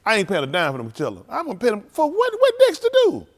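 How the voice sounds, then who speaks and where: A man giving loose, animated commentary at a livestreamed service, laughing often. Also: high voice, very fast. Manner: animated, laughing, preachy street talk. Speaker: preacher.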